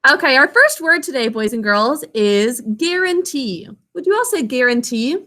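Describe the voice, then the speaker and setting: A woman teacher leading an online spelling lesson, sounding out words slowly and clearly, syllable by syllable, on a video call. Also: high-pitched, sing-song, pushed and bright.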